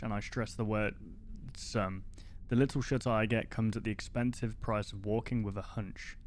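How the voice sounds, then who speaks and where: A man on a live stream, reading a story's text aloud in a low voice and breaking off into casual asides. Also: moderate pace, a little hiss or hum. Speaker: streamer reacting to a horror series.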